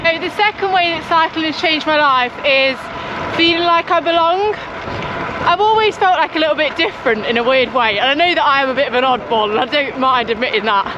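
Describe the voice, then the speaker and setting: A woman's voice: high voice, fairly quick, muffled recording. A young woman talking as she cycles, a chatty and upbeat vlogger who is out of breath from pedalling. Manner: chatty and upbeat, with loud whoops. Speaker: cycling vlogger. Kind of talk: casual vlog chat while riding. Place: outdoors on country roads, riding a bike. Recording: outdoor ride with road and wind noise.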